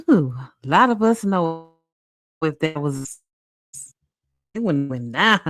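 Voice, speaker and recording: A woman giving casual reaction commentary, animated and exclamatory, talking straight to her viewers. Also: on the low side, slow pace, long pauses.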